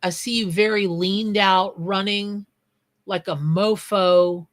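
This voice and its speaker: Psychic lady on a live stream, chatty and scattered, keeps saying hi to the chat mid-sentence, middle pitch. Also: steady tone, takes it slowly. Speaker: tarot reader and psychic. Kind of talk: live-stream reading with chat shout-outs.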